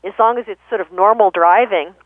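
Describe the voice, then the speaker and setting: A woman guest explaining communication in a thoughtful, conversational way, pausing often with fillers and self-corrections. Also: mid-range voice, dry recording. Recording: tinny phone-line radio audio.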